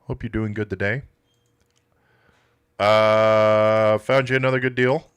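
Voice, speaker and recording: A man hosting a classic car livestream from his shop speaks slowly in a fairly low, smooth, slightly bright voice with fairly even intonation. He keeps the live commentary casual, blunt and heavy on swearing.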